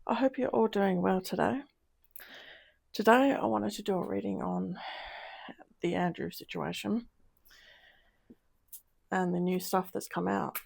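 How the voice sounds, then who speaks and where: A woman's voice: mid-range voice, fairly even intonation, unhurried, gravelly, long pauses, darkish tone, husky. A woman doing a casual tarot reading, talking in an upset, emotional way with sighs and trailing sentences. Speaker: tarot reader.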